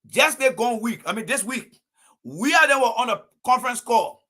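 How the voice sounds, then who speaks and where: A man's voice: very high-pitched, lively intonation, normal speed, pushed and bright. A man giving emphatic, preachy livestream political commentary, hammering his points home by repeating them.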